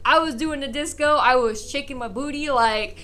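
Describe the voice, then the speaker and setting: Young woman, bright high voice, casual storytime vlog, animated, laughs a lot. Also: moderate pace. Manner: animated, acts out quoted voices, laughs often. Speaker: vlogger.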